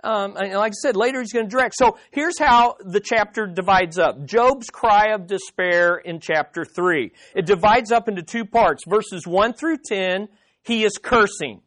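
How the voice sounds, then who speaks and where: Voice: medium pitch, moderate pace, fairly bright tone. Emphatic Bible teacher quizzing a live group. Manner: emphatic, questions the listeners directly.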